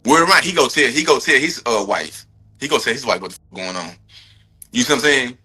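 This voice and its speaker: A man's voice: medium pitch, animated, brisk, pushed and bright, husky. A man, a victim's brother, angrily retelling events in a casual, profane, emphatic way, often repeating himself for stress. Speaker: brother of a victim giving a court update.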